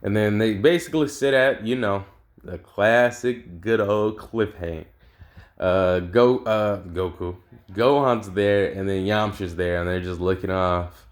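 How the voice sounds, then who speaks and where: A man's voice: fairly low pitch, a little slow. A young man casually narrating a fan-made cartoon story, laid-back and slangy, swearing and trailing off with ums.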